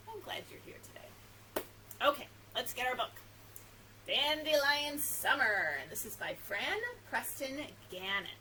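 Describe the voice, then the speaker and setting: A woman children's librarian at story time, talking to young children in an animated, sing-song way and reading a picture book aloud. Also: medium pitch. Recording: distant mic with faint background noise.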